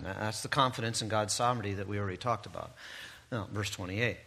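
A man's voice: medium pitch, sing-song, a little fast, pushed and bright. A man preaching a sermon in a conversational way, breaking in with asides and tag questions. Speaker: pastor.

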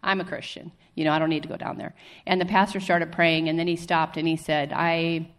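Woman, lowish voice, earnest testimony storyteller acting out conversations. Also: fairly quick. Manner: earnest, animated retelling with quoted dialogue. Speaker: testimony speaker.

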